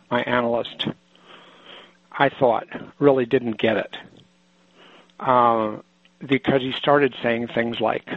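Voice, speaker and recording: An older psychoanalyst from Oregon, USA, tells a personal story, pausing thoughtfully and restarting often. His medium-pitched voice is gravelly and husky. The recording is dry, muffled, and lo-fi.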